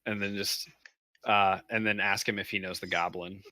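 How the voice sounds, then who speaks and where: Male player, lowish and bright, halting, dry sound. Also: flat delivery, no echo, rough recording. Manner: hesitant, many fillers. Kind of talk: playing a tabletop game.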